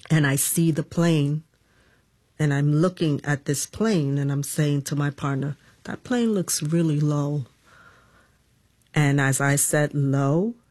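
A woman police officer gives a slow, matter-of-fact account in an interview. She states events plainly. The recording is dry and close. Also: low-pitched, dry recording. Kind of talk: interview testimony.

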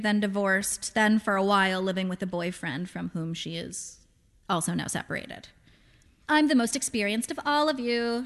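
A woman's voice: medium pitch, a bit bright. A woman narrating literary fiction in a dry, wry storytelling manner. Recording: long hall reverb.

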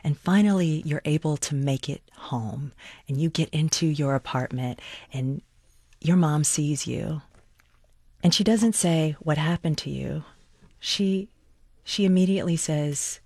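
An interviewer asking questions and reading excerpts in a measured, deliberate way. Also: mid-range voice, a little mellow, dry recording, clean studio sound.

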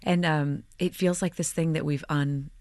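An actress from Oklahoma, chatting lively in an interview, laughing easily and restarting her sentences. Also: sits low, moderate pace, dry recording, clean studio sound. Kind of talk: casual interview chat.

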